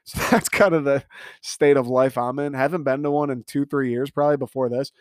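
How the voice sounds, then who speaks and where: Bothered by the hiccups, a man in his twenties hosts a casual solo podcast in a rambling, sarcastic way, tossing in self-mocking asides. His medium-pitched voice stays steady and fairly quick. The audio is studio quality, with no room sound.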